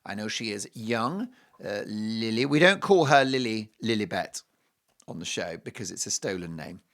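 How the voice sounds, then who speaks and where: A man hosts a commentary show and delivers a monologue of opinion. He talks in a scornful, sarcastic way and leans hard on his points. His pitch swings widely, and his tone is bright and forceful. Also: lively intonation, moderate pace. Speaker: host.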